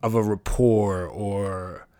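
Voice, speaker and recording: A man's voice: lowish voice, slow, smooth, dry recording. A man hosting a podcast, talking in a casual, rambling monologue full of swearing, with his voice jumping up when he acts out other people. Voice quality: profane, rambling, animated when quoting others. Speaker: podcast host.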